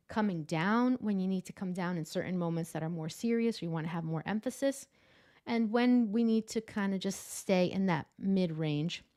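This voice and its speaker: A woman, an adjunct professor of public speaking, explaining vocal tips on a video call in an enthusiastic, animated way. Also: medium pitch. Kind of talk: casual interview chat.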